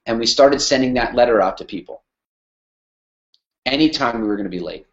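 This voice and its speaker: A man's voice: mid-range voice, a little fast, dull audio. A man teaching a business lesson through a personal story, emphatic and repeating phrases for weight. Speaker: business speaker.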